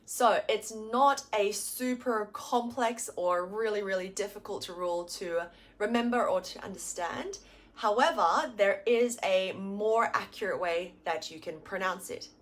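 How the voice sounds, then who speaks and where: A woman teaching a pronunciation lesson, explaining patiently and sounding out model words slowly and clearly. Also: mid-range voice. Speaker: Korean language teacher.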